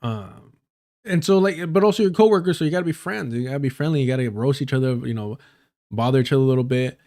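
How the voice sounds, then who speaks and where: A man's voice: mid-range voice, fast, a little mellow. A man hosting a live stream, telling a story in a casual, joking way with a lot of slang and swearing.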